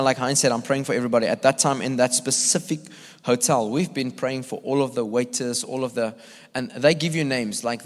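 A visiting evangelist from South Africa, a man of medium pitch, preaches a storytelling sermon in a church hall. He's animated, acts out voices and laughs often, with long reverb filling the hall.

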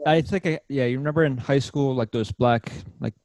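Fast-talking wry young man. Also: medium pitch, darkish tone. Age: 20s. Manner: dry, wry interjections. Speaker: podcast co-host. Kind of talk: casual chat. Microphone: computer mic, remote call.

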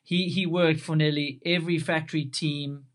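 A man's voice: a little high, fairly even intonation, moderate pace. A man hosting a podcast, reminiscing casually and fondly about an old friend. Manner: warm tribute, reminiscing. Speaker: podcast host. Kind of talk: casual interview chat.

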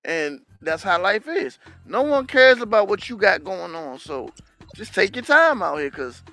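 Lively man on a podcast, high bright voice, acts out cussing drivers, music under it. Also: measured pace, no room sound. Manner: animated, acts out angry drivers with profanity. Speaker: podcast co-host. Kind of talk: casual chat.

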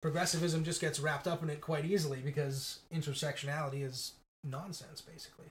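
A man co-hosting a casual podcast, talking in a sarcastic, incredulous way and quick to mock ideas he finds absurd. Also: on the high side, level tone. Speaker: podcast co-host.

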